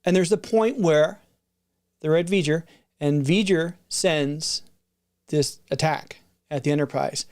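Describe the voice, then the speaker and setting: A middle-aged video creator reviewing film releases speaks slowly and pauses often, medium in pitch with a darkish tone. The chat is casual and unscripted, wandering with frequent restarts and side comments.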